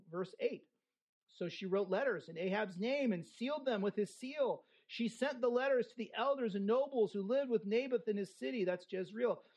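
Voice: mid-range voice, darkish tone, muffled recording. A preacher giving an expository sermon, reading scripture verse by verse and breaking in with casual, humorous asides and frequent "right?" checks to the listeners.

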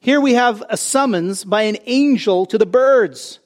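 A male pastor preaching a sermon, animated, building to loud emphatic phrases and dropping into joking asides. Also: sits high, measured pace.

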